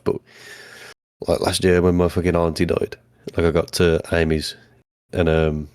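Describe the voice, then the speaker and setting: A man's voice: sits low, a little mellow, dry recording, studio quality. A man co-hosting a podcast, laid-back and sweary. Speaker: podcast co-host. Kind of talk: casual chat.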